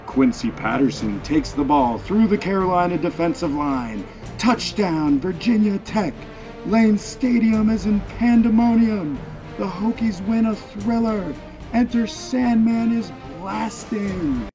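A man doing a booming sports announcer. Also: animated, slow, music in the background, poor audio. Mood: hyped. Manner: booming play-by-play calls. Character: excited male TV sports announcer.

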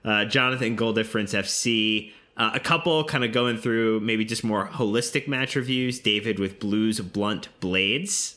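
A man's voice: on the low side, a little slow, few pauses, sharp tone. A man co-hosting a casual podcast, reading out listener entries with upbeat asides. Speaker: podcast co-host. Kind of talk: casual chat.

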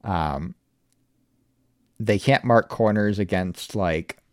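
A man with a low voice hosts a casual podcast, laid-back and wry. He laughs easily and swears casually. The sound is dry and close, with no room echo. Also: slow pace. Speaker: podcast host.

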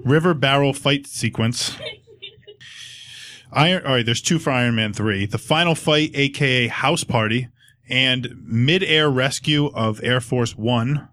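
Male co-host, mid voice, quick wry asides while reading nominees. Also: mid-range voice, a bit bright. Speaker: podcast co-host. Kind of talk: casual chat at a live awards show.

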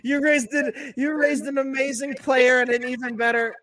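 A man co-hosting a podcast, chatting casually about football, animated and profane, laughing often. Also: very high-pitched, normal speed, faint music behind. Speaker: podcast co-host. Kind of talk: casual sports chat.

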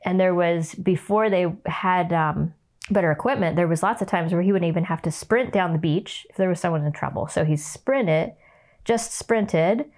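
Woman, slightly low voice, reflective, casual chat, co-host. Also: moderate pace, a little mellow. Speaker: podcast co-host. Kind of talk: casual conversation.

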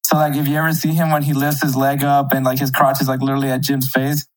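A podcast co-host in easygoing conversation. The voice stays flat with little pitch movement, in a middling register. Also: quick pace, low-quality recording. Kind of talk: casual chat.

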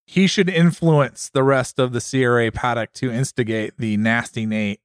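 A man's voice: mid-range voice, moderate pace, smooth, dry recording, studio quality. A man co-hosting a casual podcast, joking, swearing and putting on mock accents, still recovering from a concussion. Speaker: podcast co-host. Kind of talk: casual chat.

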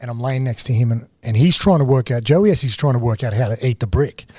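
A man, a guest casually telling stories, animated and full of slang. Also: mid-range voice, fast talker, no echo, studio quality. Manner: animated, slangy, swings into excited quoting. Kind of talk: casual storytelling.

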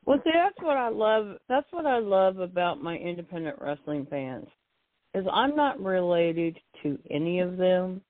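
A woman's voice: on the low side, very animated, unhurried, dry recording. An older woman chatting casually about her time among wrestling fans, rambling and repeating herself. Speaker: guest, wrestling fan. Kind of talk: casual phone chat. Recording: tinny dry phone line.

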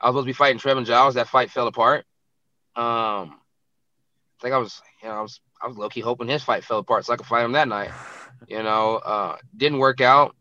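Brash fighter, bright dull-toned voice. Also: male voice, mid-range voice, brisk, no echo. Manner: blunt, brash, heavy with "you know, it's like". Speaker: professional fighter. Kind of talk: casual interview talk.

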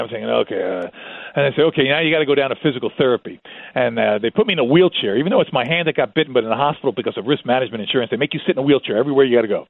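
A man in his fifties telling rambling, animated stories as a guest, with frequent restarts. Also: medium pitch, gravelly, no room sound. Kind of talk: casual anecdotal storytelling. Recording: tinny dry phone-like line.

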